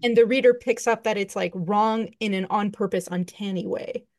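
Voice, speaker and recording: A woman chats casually and enthusiastically about a comic she read. She tells her story expressively, with lively jumps in her delivery. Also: mid-range voice, normal speed.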